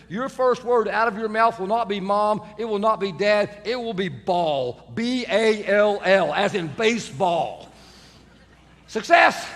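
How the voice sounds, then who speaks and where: High-voiced preacher in an echoing church. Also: male voice, a bit bright. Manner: humorous storytelling, self-mocking. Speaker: pastor. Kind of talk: sermon. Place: church sanctuary. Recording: reverberant church hall.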